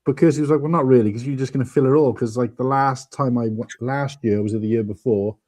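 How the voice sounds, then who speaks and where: A man's voice: mid-range voice, quick pace, warm tone. A man from Wales hosts a live chat stream in a mid-range voice. He rambles cheerfully from one story to the next and laughs easily. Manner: rambling, chatty, laughs often. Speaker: stream host. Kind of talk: casual chat.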